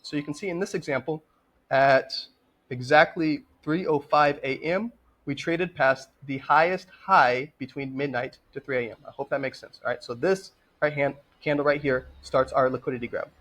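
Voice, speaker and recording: A man's voice: a little high, normal speed, a bit bright. Man teaching trading over a chart. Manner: direct, instructive, checks in with "okay?". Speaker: trading educator. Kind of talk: screen-share tutorial.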